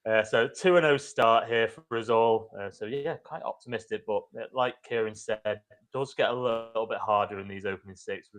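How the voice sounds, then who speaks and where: A man's voice: lowish voice, moderate pace, a bit bright. A man hosting a podcast, upbeat and easygoing in casual chat over a video call. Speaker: podcast host.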